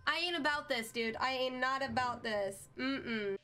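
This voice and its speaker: A woman's voice: high voice, a little slow, very noisy. A young woman streaming a horror game live, who screams, swears and jokes her way through the scares.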